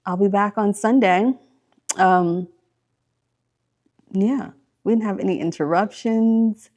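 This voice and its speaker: A woman's voice: medium pitch, takes it slowly, a little mellow. A woman hosting a casual spiritual livestream, answering viewer questions in a bubbly, gushing way with many likes and ums, on a computer mic. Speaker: host of live spiritual Q&A stream.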